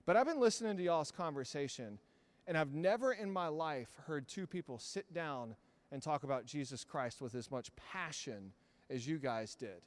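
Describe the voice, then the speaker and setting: A man's voice: on the high side, lively intonation, normal speed, pitched below the performer's own voice, close to an everyday voice. A man voicing a skeptical stranger at a café who speaks hesitantly and earnestly.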